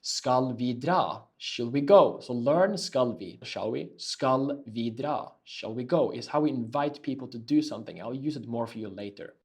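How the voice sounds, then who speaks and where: A man teaching a casual language lesson. He says key phrases slowly and repeats them, then explains quickly. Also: mid-range voice, a little mellow.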